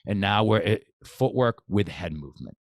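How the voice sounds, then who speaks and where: Deep-voiced enthusiastic boxing coach. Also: male voice, lively intonation, normal speed, no echo, studio quality. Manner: enthusiastic, repeats phrases, many restarts. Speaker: podcast guest, boxing coach. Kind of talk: casual podcast conversation.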